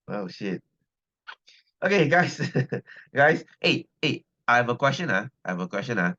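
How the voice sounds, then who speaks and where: A man's voice: medium pitch, very animated, takes it slowly, long pauses, pushed and bright. Malaysian man, science teacher, loose chatty class banter, keeps repeating lines, dull lo-fi recording. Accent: Malaysian English. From Selangor, Malaysia. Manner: chatty, repeats phrases, keeps asking "right?". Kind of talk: casual class talk with students.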